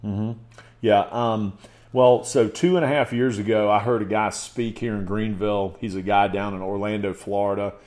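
Emphatic low-voiced man talking. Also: steady tone, normal speed, a little mellow. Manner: emphatic, ticks off points in lists with "okay". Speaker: podcast guest. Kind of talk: casual conversation.

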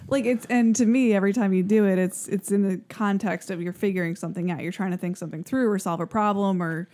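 A woman's voice: mid-range voice, fairly even intonation, fast, mellow. A woman co-hosting a casual podcast chat, with an ordinary mid-range voice. She teases the others good-naturedly and laughs often as she talks. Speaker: podcast co-host.

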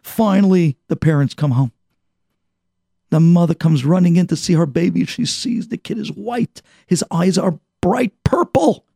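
A man preaching a sermon as an animated parable, acting out the characters. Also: high voice, measured pace, gravelly, husky, no room sound, studio quality. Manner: animated parable-telling with voices. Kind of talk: storytelling sermon.

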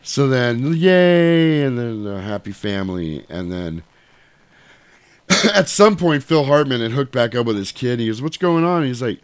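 A man's voice: medium pitch, expressive, normal speed, no echo. Man animatedly recapping a movie, profane. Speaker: podcast co-host. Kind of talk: casual movie recap chat.

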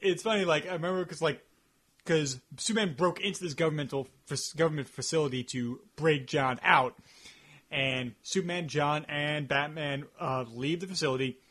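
A man's voice: a little high, normal speed, a bit bright. A man co-hosting a casual review podcast, talking in long rambling stretches full of "like" fillers. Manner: rambling, heavy use of "like" fillers. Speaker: podcast co-host.

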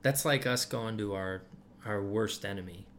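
A man's voice: fairly low pitch, moderate pace, a bit bright, a little hiss or hum. A man giving casual Bible teaching to a group, talking loosely with many fillers and restarts.

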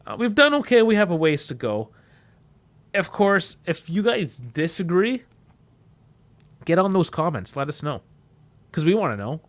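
A man co-hosting a casual podcast, talking in an animated way that jumps loud and high when he gets excited. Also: moderate pace, long pauses, dry recording. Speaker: podcast co-host.

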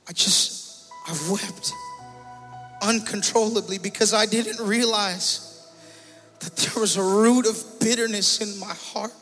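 A man's voice: high voice, fairly even intonation, takes it slowly, long pauses, in a large hall, soft background music. A male pastor preaching a sermon as a personal testimony, often repeating himself and rising in intensity. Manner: personal testimony, growing emotional and loud. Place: church sanctuary.

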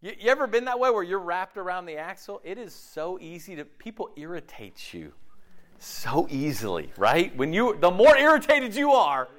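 A man leading a faith-based group discussion, animated and preachy, who keeps checking in with rhetorical questions. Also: high voice, moderate pace. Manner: animated, peppered with rhetorical "okay?". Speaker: discussion leader.

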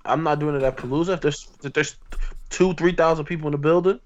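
A man's voice: a little high, fairly even intonation, quick pace, a little hiss or hum. Podcast co-host, a man who chimes in briefly; his audio is somewhat dull. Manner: brief interjecting questions. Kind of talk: casual chat.

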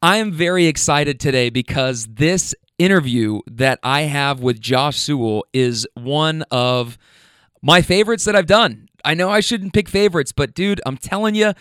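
A man hosting his own podcast in an excited, slangy ramble full of restarts. His voice sits somewhat high for a man. It is recorded close and dry with no room sound. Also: moderate pace, clean tone, dry recording. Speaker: podcast host. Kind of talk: casual podcast intro monologue.

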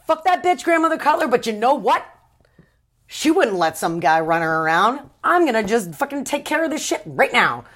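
A woman's voice: fairly low pitch, expressive, normal speed, few pauses, fairly bright tone. A woman voicing a fiery, fed-up young woman who is worked up and swearing. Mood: fired up.

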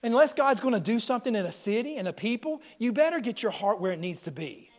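Soft music plays behind a middle-aged pastor preaching quickly in a high-pitched voice. His sermon is animated, full of acted-out voices and swings between loud and hushed tones.

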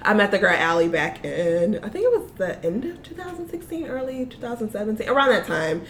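A young woman, a small business owner, chatting casually as an interview guest, animated and laughing often. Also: mid-range voice, fairly quick, a little hiss or hum.

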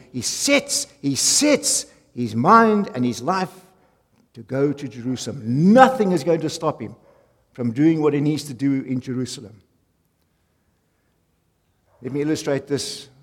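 A man preaching a sermon, emphatic, repeating key phrases and swinging from loud to soft. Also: fairly high pitch, slightly rough. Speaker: pastor. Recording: long hall reverb.

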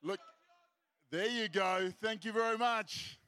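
A man with an Australian accent giving a lively Christian seminar talk on a festival stage, upbeat and jokey, rousing the crowd and repeating key lines for effect. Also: sits high, slow, clean tone. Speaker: seminar speaker. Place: festival stage before an audience.

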